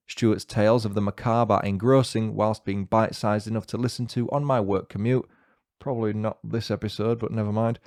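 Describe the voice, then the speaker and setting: A northern English man narrates true crime in a measured, scripted delivery and drops in dry, wry asides now and then. His voice sits at a middling pitch, and the recording is dry, with no room sound around it. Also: darkish tone, dry recording. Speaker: podcast host.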